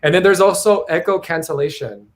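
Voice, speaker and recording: A man's voice: fairly high pitch, fairly quick. A man hosting a casual live stream over a video call, chatting and thinking aloud. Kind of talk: casual chat.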